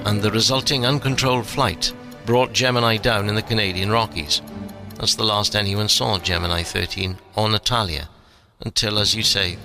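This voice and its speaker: Old ex-astronaut commander, regretful confession, read by a man, low bright voice over faint music. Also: gravelly. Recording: soft music underneath.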